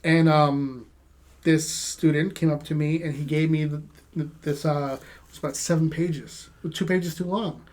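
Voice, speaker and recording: Halting, laughing male podcast host. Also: fairly high pitch, steady tone, darkish tone. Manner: halting, full of restarts, laughs while telling stories. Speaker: podcast host and former teacher. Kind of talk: casual podcast chat.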